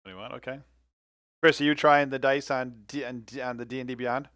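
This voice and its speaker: A man's voice: medium pitch, level tone, brisk, a bit bright, no room sound, clean studio sound. A man narrating as game master in a remote tabletop game, rambling with many fillers and restarts. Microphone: home microphone in a remote session.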